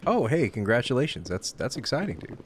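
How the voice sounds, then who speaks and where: A man's voice: mid-range voice, very animated, a little fast, slight background noise. A male streamer chatting casually, tired and a little loopy late at night, rambling as he plays. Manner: rambling, with lots of fillers and restarts. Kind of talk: casual chat.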